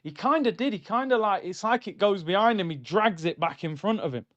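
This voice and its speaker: Excitable man hosting a match stream. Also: high voice, a little fast, no room sound, highs cut off. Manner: excitable, banter-heavy, shouts at goals. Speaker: football watchalong host. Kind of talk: live match watchalong commentary.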